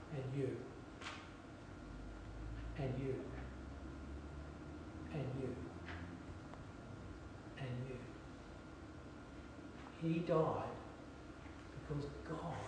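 A man preaching a sermon, telling stories with lively humor and dropping to soft, hushed emphasis. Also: medium pitch, noisy background. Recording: echoey hall, distant mic.

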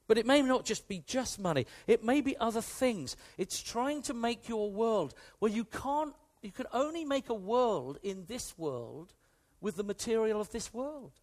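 A male preacher with a high voice that leaps up and down in pitch as he preaches. He speaks with emphasis, returns to the same phrases again and again, and asks his listeners direct questions. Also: lively intonation, a little slow, few pauses, a little mellow. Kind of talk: sermon.

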